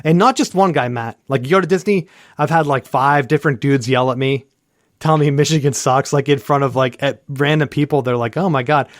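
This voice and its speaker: A man's voice: mid-range voice, a little fast, no echo, clean studio sound. A man in his thirties co-hosting a casual sports chat, rambling through a story with lots of "like" and acting out the people in it. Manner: heavy use of "like" and fillers. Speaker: podcast co-host.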